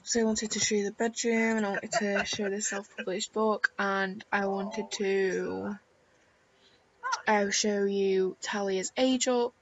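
Woman gamer, casual late-night commentary, gravelly tired voice, dull lo-fi home mic. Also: mid-range voice, steady tone, slow, a crowd in the background. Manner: rambling, soft-spoken with many ums. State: tired, croaky voice. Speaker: gaming YouTuber. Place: home at night with family asleep.

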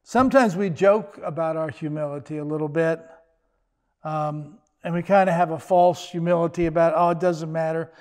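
Older male pastor, high-pitched, conversational sermon with wry humor. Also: a little mellow. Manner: conversational, joking asides with quick restarts.

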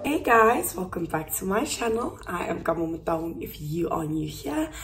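A young woman from South Africa talks into her phone at home, her voice hoarse and worn down to a lower register. She rambles cheerfully, corrects herself mid-sentence and laughs things off, with faint music under her. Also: sing-song, moderate pace. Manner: chatty, rambling, self-correcting, laughs often. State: hoarse, voice half gone. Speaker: YouTuber vlogging. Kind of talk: casual vlog chat to camera. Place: indoors at home, getting ready. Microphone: phone on a tripod.

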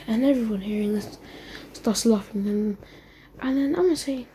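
A woman improvising a fan-fiction story and rambling as she goes. She stumbles over words and drops into whispered asides. Her pitch sits fairly high and her tone is mellow and soft. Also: normal speed, a little hiss or hum.

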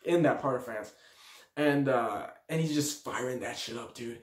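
A man's voice: mid-range voice, moderate pace, reverberant. A young man casually telling a party story, full of slang and acted-out quotes. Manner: slangy, animated, acts out quotes. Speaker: storyteller vlogger.

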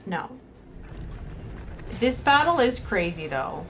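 A woman's voice: medium pitch, animated, unhurried, faint music behind. A woman commenting live on her gameplay, reacting with frequent exclamations and mild swearing. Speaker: game streamer.

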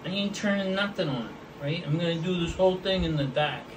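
Painting pots for his casual vlog, a man rambles goofily and talks straight to his viewers. His voice is high-pitched and brisk, and he sounds far from the mic over a noisy background.

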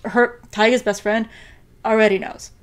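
A young woman co-hosting a casual podcast, retelling an anime episode in an animated way and saying "like" a lot. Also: a little high, normal speed. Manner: animated storyteller, heavy use of "like", acts out quotes. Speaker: podcast co-host.

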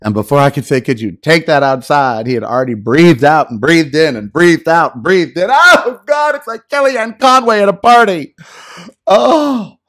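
A man hosting a podcast, giving a casual, animated and theatrical monologue into a microphone at home. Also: a little high, moderate pace. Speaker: podcast host. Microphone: studio microphone.

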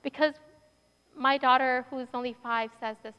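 Woman, Minnesotan accent, high and smooth voice, reflective, dull recording in an echoing auditorium. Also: steady tone, normal speed. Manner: reflective, conversational. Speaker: guest speaker. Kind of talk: answering audience questions. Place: university auditorium. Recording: hall reverb, dull sound.

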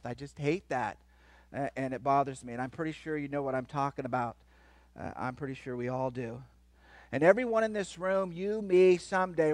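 A man giving a lively, playful sermon as a guest speaker, joking with the crowd and swinging between loud and soft. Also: mid-range voice, no echo. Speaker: guest speaker at a church kids' event. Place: church hall.

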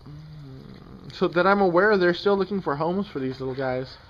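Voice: mid-range voice, normal speed. A vlogger at home filming cats, gushing in baby talk at the animals on a handheld camera. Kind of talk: casual home video. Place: at home by a doorway. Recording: dull lo-fi camera audio.

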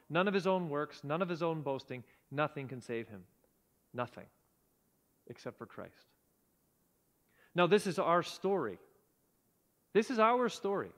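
A man preaching a sermon in earnest tones, often dropping to a hushed low voice for emphasis. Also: long reverb tail. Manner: earnest, drops to a hushed low voice at key points. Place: church sanctuary.

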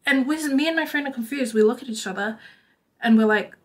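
A young woman with a slightly high voice tells a story to her vlog viewers. She talks casually and animatedly, with "like" peppered all through her sentences. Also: a little fast. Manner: chatty, animated, lots of "like". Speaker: vlogger.

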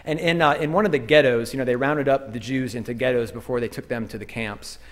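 Male pastor, mid-pitched voice, measured sermon delivery in a church, phrases that fade at the ends. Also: steady tone. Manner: measured preaching with pauses, endings trailing off quietly. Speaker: associate pastor. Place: church sanctuary.

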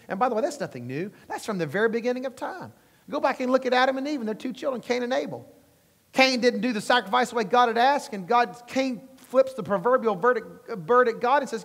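A man's voice: high-pitched, expressive, fairly quick, gravelly, fairly bright tone, in a large hall. A man preaching a sermon as pastor, emphatic and rising at times, acting out quotes.

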